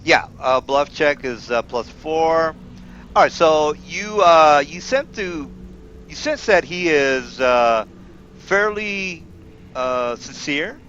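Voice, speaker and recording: A man's voice: on the high side, expressive, a bit bright. Man, game master, hesitant, lots of uhs, dull lo-fi sound, faint hiss. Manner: halting, many fillers, voices the kobolds in quotes. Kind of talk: narrating a tabletop game. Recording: dull lo-fi home recording with faint noise.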